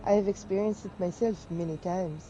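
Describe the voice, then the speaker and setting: A woman voicing a calm, knowing, old-fashioned male vampire in a tabletop game. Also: medium pitch, normal speed, muffled recording, a little hiss or hum, natural voice.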